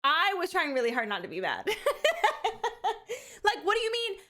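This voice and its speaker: A woman streamer chatting casually with her viewers, animated and candid, often laughing and swearing freely. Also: sits high, normal speed. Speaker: live streamer.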